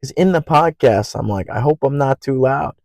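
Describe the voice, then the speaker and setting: A young man hosts his podcast solo, rambling in an earnest stream full of swearing. His voice sits at an ordinary middle pitch and runs loud by habit. The sound is dry and close, with no room around it. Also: moderate pace, creaky, dry recording, rough recording. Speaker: podcast host. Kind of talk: casual solo podcast monologue.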